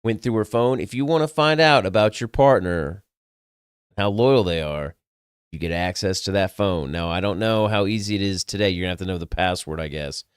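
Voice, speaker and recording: A man's voice: deep voice, fairly quick, clear, resonant tone, dry recording, clean studio sound. A young adult man, casually telling a personal story in a candid, crude, self-mocking way, swearing freely. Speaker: podcast host.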